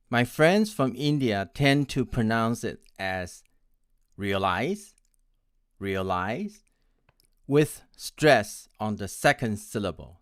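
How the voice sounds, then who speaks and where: A man in his sixties from Taiwan, an English pronunciation coach, teaching in a deliberate way and spelling words out letter by letter. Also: medium pitch, clean tone, dry recording, studio quality. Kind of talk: scripted teaching.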